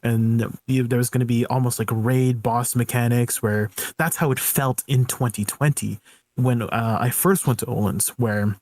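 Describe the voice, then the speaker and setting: A man's voice: medium pitch, steady tone, normal speed, darkish tone. A man co-hosting a gaming podcast, giving long rambling explanations in casual chat. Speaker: podcast co-host.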